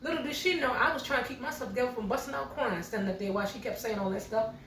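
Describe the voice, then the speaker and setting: Her voice sits on the high side with a fairly bright tone, and she talks rapid-fire as this middle-aged home cooking vlogger chats with viewers, calling them y'all, and shares a story while cooking. The distant recording sounds roomy, with a little hiss or hum.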